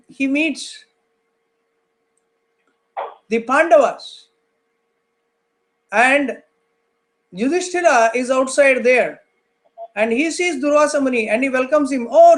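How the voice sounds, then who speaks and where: A man, a spiritual teacher, slowly retelling a scripture story with drawn-out pauses. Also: very high-pitched.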